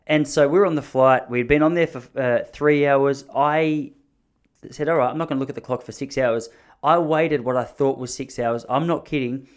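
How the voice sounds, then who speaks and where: A man in his thirties tells a long story on his own podcast. He rambles, pokes fun at himself, and keeps breaking off and restarting his sentences. His pitch sits in an ordinary middle range. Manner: rambling, self-deprecating, jokey, with frequent restarts. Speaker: podcast host. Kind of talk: casual solo storytelling.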